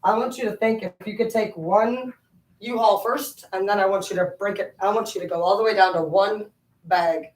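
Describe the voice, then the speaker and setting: A woman rambles on at home with frequent swearing, her talk loose and animated. Her voice rings in an echoey room and sits some distance from the mic. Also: medium pitch, normal speed. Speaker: vlogger. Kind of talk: rambling casual monologue. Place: home, indoors.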